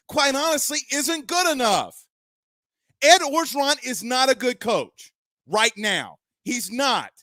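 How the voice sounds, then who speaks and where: A man's voice: very high voice, dry recording. A man hosting a sports show, ranting about his team's loss and raising his voice. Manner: ranting, shouting at times. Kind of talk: fired-up sports rant.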